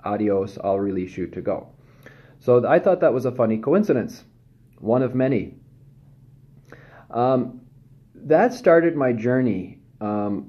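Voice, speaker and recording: A man giving a candid, self-deprecating personal testimony, speaking haltingly with frequent pauses and restarts. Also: medium pitch, dark tone, husky, dull audio. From Southern California.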